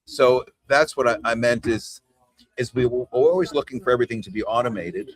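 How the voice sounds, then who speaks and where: A man leads a training session over a video call. His speech is loose and chatty, and he keeps tagging "right?" onto his points. His voice sits at an ordinary pitch for a man. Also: fairly quick, no room sound. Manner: conversational, peppers talk with "right?" and "you know". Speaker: trainer leading a team call. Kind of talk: casual coaching talk on a video call.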